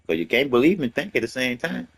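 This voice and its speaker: Animated man preaching in profane slang. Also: medium pitch, fast talker. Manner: emphatic, profane, repetitive preaching; casual street slang. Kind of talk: rambling motivational monologue.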